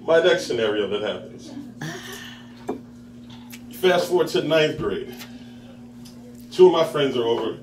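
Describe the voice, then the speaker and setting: A man in his thirties rambles through a stand-up story at an open mic in a bar with a live audience, laughing at his own jokes and acting out the characters. His voice sits on the high side with lively intonation and a measured pace, and he pauses often. The roomy, distant mic picks up the crowd and a noisy background.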